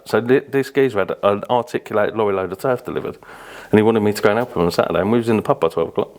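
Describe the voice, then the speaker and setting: Fast-talking low-voiced British man. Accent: British English. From Birmingham, England. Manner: rambling anecdotes, frequent fillers and casual swearing. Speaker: podcast guest. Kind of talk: casual interview storytelling.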